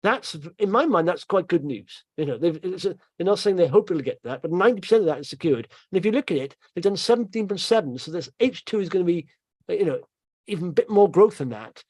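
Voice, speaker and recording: Man, middle-aged, casual market commentary, rambling, slightly high voice, dry close recording. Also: animated, quick pace, no room sound. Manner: chatty, rambling, laughs to himself, trails off quietly.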